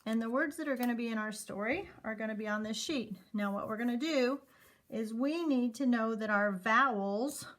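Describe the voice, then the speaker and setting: With a fairly high, slightly bright voice, a woman teaches young pupils phonics. She sounds out each letter slowly and distinctly and gives the kids encouragement.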